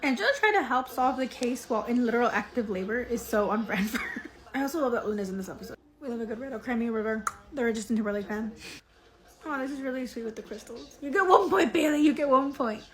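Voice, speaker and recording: Woman, high voice, casual reaction commentary, chatty, swears, emotional. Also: fast talker. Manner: chatty, emotional, swears often, laughs a lot. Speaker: reaction video host.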